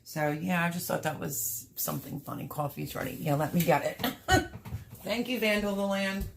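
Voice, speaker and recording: A woman's voice: fairly low pitch, moderate pace, creaky, background noise. A middle-aged woman, chatting candidly and emotionally to viewers on a livestream from home. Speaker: livestream host. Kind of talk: casual livestream chat. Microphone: livestream camera mic.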